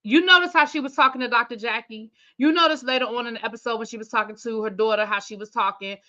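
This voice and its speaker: Chatty woman reviewer, bright lo-fi voice. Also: fairly high pitch, fast. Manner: chatty, thinks aloud, talks to viewers. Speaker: TV review host. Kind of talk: casual recap chat.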